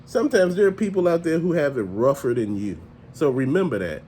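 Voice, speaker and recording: Guy ranting on his vlog, swears a lot, voice jumps all over, sits kinda high. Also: a little fast, a little hiss or hum. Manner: animated, profane, conversational. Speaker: toy channel host.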